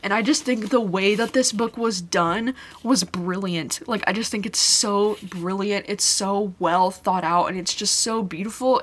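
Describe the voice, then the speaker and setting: A young woman reviewing a book on her vlog in casual chat, emotional and gushing, with a lot of "like" fillers. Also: on the low side. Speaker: book vlogger.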